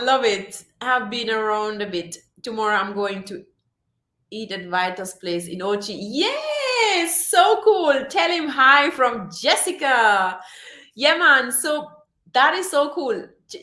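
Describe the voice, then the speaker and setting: Slow-talking woman livestreamer, echoey room. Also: a little high, pushed and bright. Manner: chatty, laughs often, reads viewer comments aloud. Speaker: livestream host. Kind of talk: casual livestream chat.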